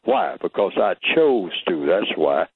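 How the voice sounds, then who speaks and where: A man's voice: sits low, wildly swooping pitch, a little slow, gravelly, husky, no room sound. A man talking as a radio interview guest, emphatic and teacherly, asking rhetorical questions as he explains his points. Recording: tinny phone-line radio audio, dry.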